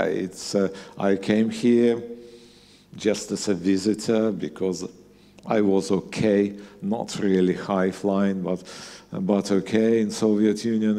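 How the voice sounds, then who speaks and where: A middle-aged Russian man with a Russian accent speaks as a guest scientist in a live on-stage conversation at a museum event hall before an audience. His low, creaky, mellow voice comes out haltingly, full of fillers and restarts, with dry humour, and the large hall gives a long reverb.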